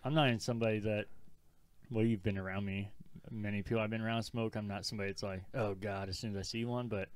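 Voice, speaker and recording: A young man co-hosting a podcast, telling stories in a relaxed way and swearing casually. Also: fairly low pitch, quick pace, smooth, no room sound. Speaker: podcast co-host. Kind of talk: casual chat.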